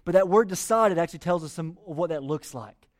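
A man's voice: on the high side, lively intonation, a little fast. A man, preaching a sermon in a conversational way and getting the congregation to read along. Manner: conversational preaching with audience call-and-response. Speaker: pastor.

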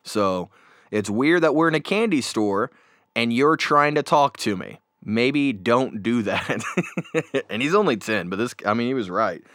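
A man hosting a casual chat show, telling stories in a rambling, animated way with many fillers, close on a desk microphone. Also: mid-range voice, measured pace, no room sound. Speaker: podcast host. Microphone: new desk microphone.

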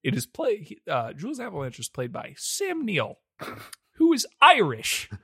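Animated, swearing podcast host man. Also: high-pitched, moderate pace, gravelly, husky, no room sound, studio quality. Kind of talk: casual movie-review chat.

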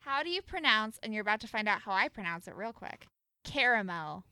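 A young woman co-hosting a casual chat show, giving animated, opinionated takes on food habits. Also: mid-range voice, fast, clean tone, no echo, clean studio sound. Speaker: podcast co-host.

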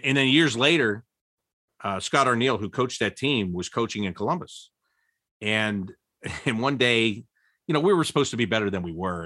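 Man, lively storyteller, bright forceful voice, dry close sound, laughs and big pitch jumps. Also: no room sound. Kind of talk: storytelling interview.

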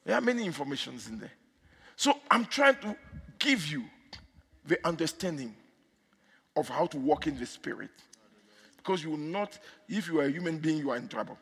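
A male preacher delivering a fervent sermon with commanding declarations, in a husky voice. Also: on the high side, very animated, normal speed, pauses often, bright, forceful tone. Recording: echoey hall.

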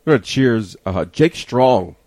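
A man's voice: medium pitch, lively intonation, a little slow, darkish tone, dry recording. A man co-hosting a casual wrestling chat, blunt and joking. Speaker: podcast co-host.

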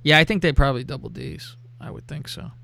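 A man hosting a casual show, telling a crude story in a lively, profane way and reading out text messages. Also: medium pitch, fast, vocal fry, dry recording. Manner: animated, profane, reads out texts with laughter. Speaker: podcast host.

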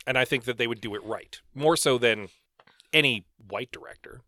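A man's voice: mid-range voice, normal speed, pushed and bright, no room sound. A man co-hosting a book club podcast, musing aloud in casual chat with occasional fillers. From Canada. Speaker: podcast co-host.

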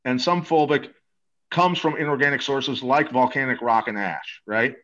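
A man's voice: mid-range voice, normal speed, a bit bright, muffled recording. A man talking as an interview guest, eager and salesy, rambling with many restarts. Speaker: guest promoting a supplement. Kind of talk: casual interview talk.

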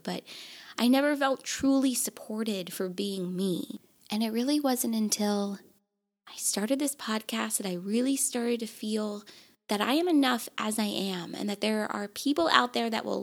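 Podcast host, woman, gravelly and teary, earnest solo talk. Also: medium pitch. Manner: emotional, close to tears, earnest. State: tearful. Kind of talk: heartfelt solo podcast monologue.

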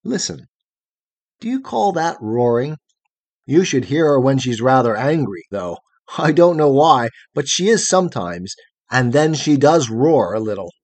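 A man reading the lines of a gentle, innocent young girl of the night in a storybook, speaking with tender wonder in a husky voice. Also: mid-range voice, sing-song, unhurried, no room sound. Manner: wondering, tender, softly earnest.

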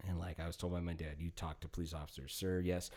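A man's voice: deep voice, fast. Male podcast host in his thirties, casual and profane storyteller. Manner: profane, animated, acts out quotes.

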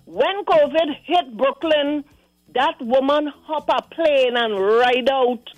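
Animated Trinidadian woman caller. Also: sits high, slow pace, no echo, muffled recording, soft background music. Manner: animated, indignant, acts out quoted voices. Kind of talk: call-in radio commentary. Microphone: phone line.

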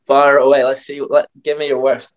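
A young Scottish man is a guest on a podcast, answering questions casually and laughing at himself. His voice sits at a middle pitch and sounds easygoing. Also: little pitch movement, normal speed, lo-fi sound. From Scotland. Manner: laid-back, laughs at himself. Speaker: guest athlete.

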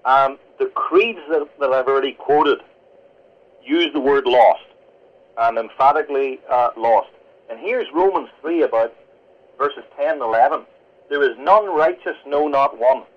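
Man, pastor from Northern Ireland, fast earnest teaching tone, middle pitch, dull lo-fi radio sound. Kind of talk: radio interview guest. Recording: lo-fi radio broadcast.

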